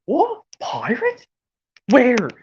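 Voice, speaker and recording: A woman's voice: fairly high pitch, very slow, a little hiss or hum, pitched above the performer's own voice, heavily acted. Woman doing Captain Scallywag, blustery cartoon pirate. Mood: flustered. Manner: blustery, excitable, defensive. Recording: dull lo-fi audio.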